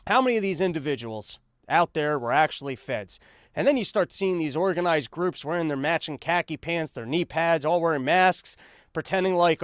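A man with a fairly high, animated voice runs a comedic news monologue for his podcast as he paces on a treadmill, speaking a little fast. He's sarcastic and rambling, with plenty of fillers and restarts, and the smooth studio-quality sound has no echo.

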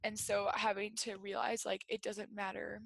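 A woman's voice: medium pitch, little pitch movement, vocal fry, no room sound. A young woman who leads staff at a camp, talking earnestly in casual conversation with lots of fillers. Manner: earnest, quick, filler-heavy talk.

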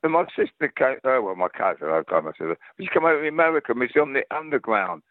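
An older Cockney man from London, England, appears as a guest actor, telling rambling anecdotes in casual conversation with lively energy and frequent restarts. His mid-range voice moves at a quick pace, and the audio is echo-free but narrow and tinny.

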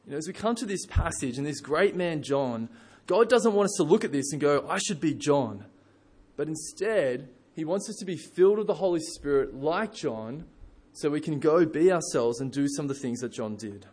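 Male preacher, casual and chatty delivery, a bit high-pitched. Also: moderate pace. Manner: conversational, relaxed, frequent asides. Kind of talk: sermon.

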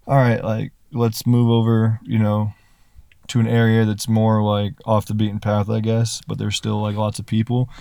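A young man telling a story as a podcast guest, animated and full of "like" fillers. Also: fairly low pitch, creaky, dry recording, studio quality. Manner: animated, filler-heavy retelling with lots of "like". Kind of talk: casual storytelling.

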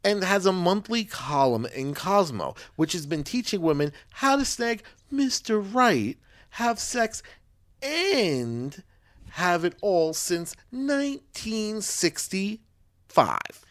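A man's voice: high voice, big pitch swings, slow pace, a bit bright. A man co-hosting a casual podcast, joking sarcastically and reading out notes. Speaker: podcast co-host.

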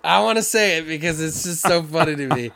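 A man's voice: a little high, brisk, creaky, pushed and bright. A man co-hosting a casual podcast, talking over a horror movie, swearing freely and acting out characters. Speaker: podcast co-host.

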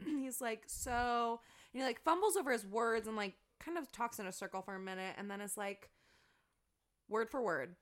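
A woman's voice: fairly high pitch, moderate pace. A woman co-hosting a casual podcast, telling a story animatedly and acting out what people said. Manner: animated storyteller, acts out quotes. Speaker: co-host.

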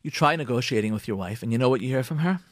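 A man's voice: medium pitch, rapid-fire. A man hosting a radio talk show, giving marriage advice in an emphatic, repetitive way. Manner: emphatic and repetitive, animated acted-out quotes.

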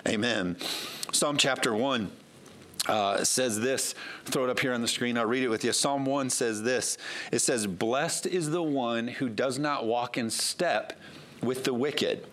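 A man's voice: mid-range voice, measured pace, fairly bright tone. A pastor preaching a sermon to his congregation in an earnest, conversational way, reading scripture aloud as he goes.

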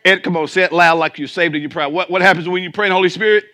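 A man preaching a sermon to his congregation, his voice a bit high and ringing bright. He drives his points home with emphatic peaks, drops into low asides, and keeps throwing questions out to the people in the pews. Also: fairly even intonation, rapid-fire. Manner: emphatic, swinging between loud climaxes and low asides. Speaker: pastor.

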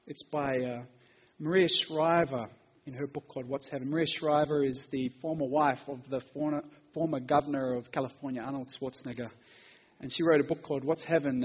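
A man preaching a sermon, reading scripture and expounding it, building to emphatic peaks and then dropping soft. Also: mid-range voice, husky. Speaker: pastor. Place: church sanctuary. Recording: dull lo-fi sound in a reverberant hall.

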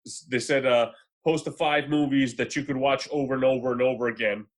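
A man co-hosting a casual movie podcast, telling stories with animated energy and acting out the people he quotes. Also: mid-range voice, fairly quick. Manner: animated storyteller, acts out quoted voices. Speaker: podcast co-host. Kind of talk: casual movie chat and storytelling.

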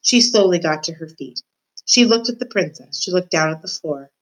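A woman, a student reader, reading a chapter of a novel aloud in a plain, steady way. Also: fairly low pitch, moderate pace, rough recording.

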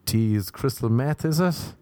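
A man tells a comic story in a loose, casual way. He jumps into high, squeaky voices whenever he quotes someone else. The sound is close and dry, with no room echo. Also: lively intonation, a little slow, dark tone.

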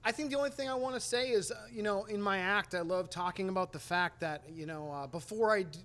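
A stand-up comedian from New Hampshire, rambling and swearing freely in a casual podcast chat. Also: male voice, high voice, fast, a bit bright.

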